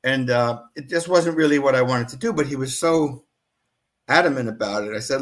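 A man being interviewed about a story he wrote, speaking earnestly and stopping now and then to find his words. His voice sits at an ordinary middle pitch. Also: a little fast. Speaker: author and interview guest.

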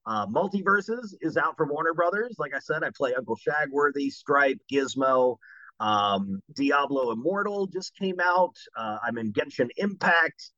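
Casting note: bright, lively male voice actor, dry and slightly muffled mic. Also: on the high side, unhurried, no echo. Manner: animated storyteller who slips into voices. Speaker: voice actor guest. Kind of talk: casual podcast chat.

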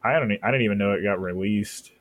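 Low-voiced rambling podcast guy. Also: quick pace. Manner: rambling, enthusiastic, hesitant with fillers. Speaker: podcast co-host. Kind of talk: casual chat.

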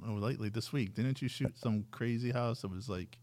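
A man's voice: mid-range voice, fairly quick, darkish tone. A man hosting a casual podcast, jokey and laughing often, talking straight to viewers. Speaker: podcast host.

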